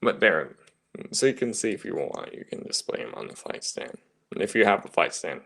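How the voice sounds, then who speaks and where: A man casually reviewing a toy, talking softly with mumbled, half-whispered asides. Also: fairly low pitch, very animated, moderate pace, vocal fry.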